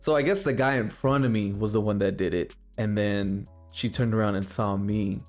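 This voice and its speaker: A man in his twenties co-hosting a live podcast, telling a story in a casual, profane, animated way and acting out the quotes. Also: on the low side, normal speed, faint music behind. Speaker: podcast co-host. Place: live show venue.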